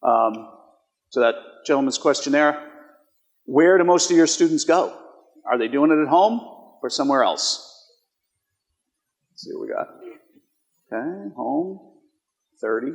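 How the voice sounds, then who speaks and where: A man with a fairly high voice presents to a conference crowd, chatting through live poll results. He often tosses rhetorical questions at the audience. His voice rings with the long reverb of a large hall. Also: animated, unhurried, pauses often.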